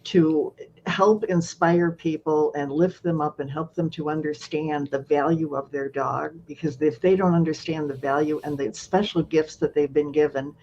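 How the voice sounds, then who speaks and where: A woman's voice: low-pitched, fairly even intonation, normal speed, a little mellow, highs cut off, slight background noise. A woman hosting a show over a video call, talking earnestly and repeating her words as she thinks. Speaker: host. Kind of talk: casual chat on a video call.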